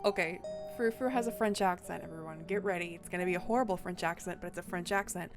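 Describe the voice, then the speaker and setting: A woman giving excited, chatty gameplay commentary, often using fillers as she talks through her choices. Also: lowish voice, quick pace, few pauses, soft background music. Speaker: let's-play gamer. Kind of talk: gaming playthrough commentary.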